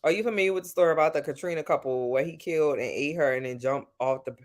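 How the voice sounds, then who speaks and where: This live streamer is a woman from Louisiana whose deep voice moves fast. At home at night, she responds to her chat casually and with plenty of sass, addressing viewers directly in her Louisiana accent.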